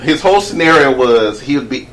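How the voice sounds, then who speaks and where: A man's voice: medium pitch, animated, a little fast, fairly bright tone, a little hiss or hum, low-quality recording. A man in casual podcast chat, telling campy stories with dry asides.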